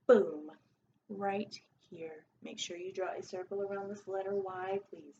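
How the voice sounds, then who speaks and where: A woman leads a recorded phonics lesson for preschoolers, drawing out each letter sound slowly in a sing-song voice. Her voice sits in an ordinary middle range, and the recording comes through dull and lo-fi with faint background noise. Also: medium pitch, steady tone, dark tone. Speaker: preschool teacher.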